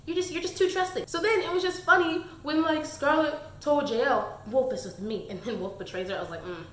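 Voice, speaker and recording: A young woman chatting casually through a book review, animated and quick to act out characters in little asides. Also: sits high, roomy sound, a little hiss or hum.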